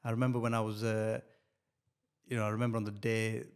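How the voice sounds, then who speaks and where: A middle-aged man, telling a personal story as a podcast guest, halting and repeating words with many fillers. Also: on the low side, level tone, smooth. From northern England.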